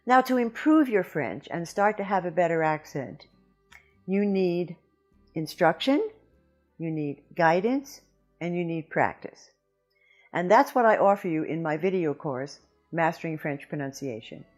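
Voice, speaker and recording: A woman giving a scripted pronunciation lesson, slowly and carefully demonstrating each sound. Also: lowish voice, darkish tone. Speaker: pronunciation teacher.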